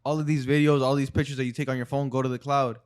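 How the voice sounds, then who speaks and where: Man, podcast guest, quick talker, mid-pitched, casual and profane. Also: level tone, clear, resonant tone. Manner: fast, profane storytelling. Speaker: podcast guest, studio owner.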